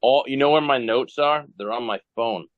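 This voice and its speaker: A man's voice: mid-range voice, moderate pace, dry recording, narrow, tinny audio. A man telling rambling, self-mocking stories in a casual podcast chat over a phone video call. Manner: rambling storyteller who laughs at himself. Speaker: guest wrestler.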